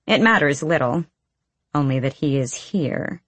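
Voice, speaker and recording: Teasing blunt clan girl in a storybook, woman reading her, low voice, dry sound. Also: lively intonation, unhurried, fairly bright tone, no echo, exaggerated voice.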